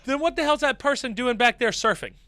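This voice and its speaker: A man's voice: extremely high pitch, animated, fast talker, bright, forceful tone, slight background noise. A man giving sarcastic, laughing commentary on a video he is reacting to.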